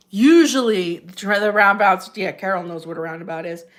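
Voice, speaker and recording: A woman's voice: mid-range voice, lively intonation, unhurried, pauses often, a bit bright. A woman hosting a casual livestream from home, chatting with viewers and laughing often, her voice jumping up when she greets them. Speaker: livestream host. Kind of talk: casual livestream chat reading comments. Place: home in New Jersey.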